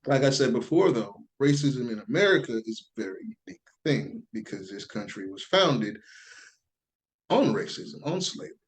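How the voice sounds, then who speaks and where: A man talking casually as a podcast guest, telling a story in an animated way and acting out the voices of people he quotes. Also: mid-range voice, moderate pace, rough recording.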